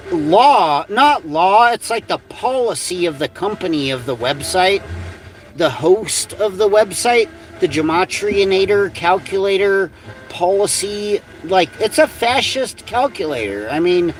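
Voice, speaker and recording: A man with a high voice delivers an angry, profane livestream rant. His pitch swings widely as he repeats himself and curses again and again. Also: low-quality recording. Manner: profane, repetitive, heated ranting. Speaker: livestream host.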